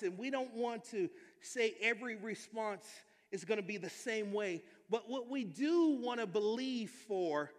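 A male pastor preaching a sermon with energetic, emphatic delivery and calls for amens to the congregation. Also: extremely high pitch. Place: church sanctuary. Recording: long hall reverb.

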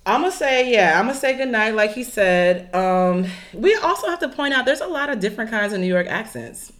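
A young woman from Chicago co-hosting a casual podcast chat, chatty and quick to laugh as she tells stories. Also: a little high, animated. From Chicago, USA. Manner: chatty, laughs often, storytelling.

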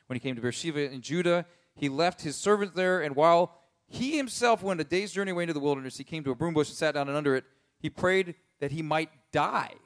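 A man gives a relaxed, conversational sermon in a slightly higher voice, scattering "like" through his sentences. He drops into quiet asides and then climbs to emphatic peaks. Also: fast. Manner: conversational, filler-heavy with frequent "like". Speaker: pastor. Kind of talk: casual sermon.

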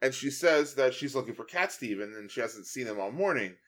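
A man in casual conversation, recapping scenes with energy. He laughs easily and jumps into quick voices for the characters. His pitch sits in an ordinary middle range. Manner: animated, laughing, acts out quotes. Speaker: podcast co-host.

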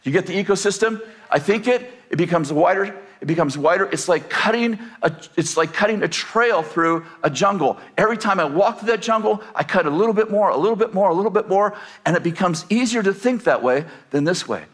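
A man's voice: high voice, lively intonation, a little fast, hardly any pauses, fairly bright tone. A man preaching a sermon as pastor, asking the congregation rhetorical questions and acting out quoted voices.

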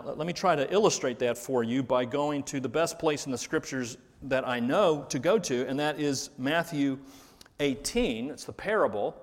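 A pastor preaching a sermon, earnest, rising to stress key words and then dropping low. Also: male voice. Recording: reverberant hall.

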